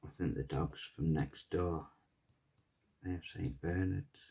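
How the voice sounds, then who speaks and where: A man's voice: deep voice, fairly even intonation, a little slow, creaky, dark tone, slightly rough. A man giving a casual, rambling pyrography tutorial and chatting as he works. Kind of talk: casual tutorial chat while working.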